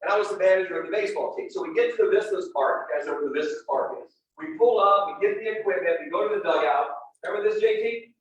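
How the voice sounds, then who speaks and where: A man's voice: high-pitched, fast talker, hardly any pauses, highs cut off. A middle-aged man at a real estate event, telling a personal story and speaking straight to a live audience. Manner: animated and personal, addresses the crowd directly. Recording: very echoey room, distant mic, faint noise.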